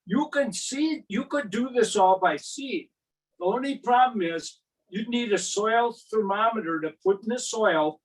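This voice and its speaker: Older male gardening presenter, high voice, exuberant storyteller, a bit off-mic. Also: recorded from a distance, low-quality recording. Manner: exuberant, animated storyteller with big vocal sound effects. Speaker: gardening speaker.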